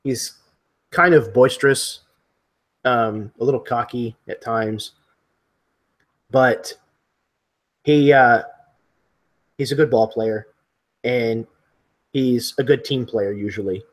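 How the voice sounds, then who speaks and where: Slow husky male game master. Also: mid-range voice. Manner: slow, descriptive, hesitant. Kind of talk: narrating a tabletop horror game.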